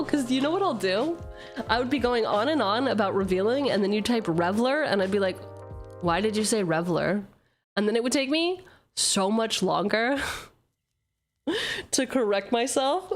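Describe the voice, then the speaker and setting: A streamer opening card packs chatters casually on her live stream, reading card text aloud, joking at her own expense and swearing freely. Her mid-range voice has lively intonation at normal speed, with faint music behind. She's playful and self-mocking, hopping between jokes and reading.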